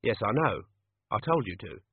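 A man voicing a pleasant-spoken, quietly menacing gang leader, on a tinny, phone-like recording. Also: fairly low pitch, sing-song, moderate pace, husky, full character voice. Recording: tinny phone-like dry audio.

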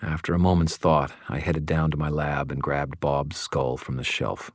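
A man narrating a first-person fantasy audiobook in a steady, wry storytelling manner. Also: extremely low pitch, moderate pace, dry recording, clean studio sound.

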